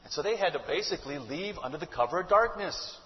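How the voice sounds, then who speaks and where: Pastor, male, high voice, chatty sermon delivery with rhetorical questions, dull recording with long hall echo. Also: animated, fast talker. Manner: conversational preaching with rhetorical questions.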